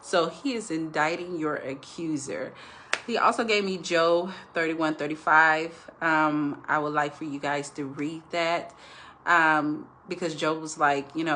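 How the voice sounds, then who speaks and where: Chatty woman with a bright, lowish voice. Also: a little slow, slight background noise. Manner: chatty, rambling storyteller; earnest when sharing revelations. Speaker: Christian devotional speaker. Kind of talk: casual testimony to viewers.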